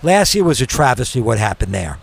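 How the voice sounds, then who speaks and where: A man's voice: mid-range voice, sing-song, fairly quick, gravelly, slightly rough. Opinionated New sports radio guy. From New York. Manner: opinionated, emphatic, argumentative. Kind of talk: casual sports talk.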